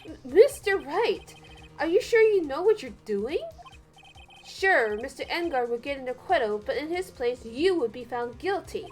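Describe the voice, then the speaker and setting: A woman voicing a cool, composed male prosecutor with a lowered, measured delivery, as part of a game voice reading. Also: big pitch swings, soft background music. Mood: probing. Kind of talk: let's play voice reading.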